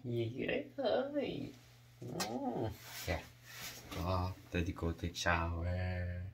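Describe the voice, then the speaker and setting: A man's voice: sits low, takes it slowly, background noise. A man at home coaxing his pet bird in repetitive baby talk, asking the same questions over and over. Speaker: pet owner.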